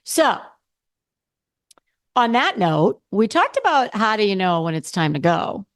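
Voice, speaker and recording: In a sing-song, mid-range voice at a measured pace, a middle-aged woman chats candidly on her own podcast. She rambles casually, often stopping to restart or correct herself.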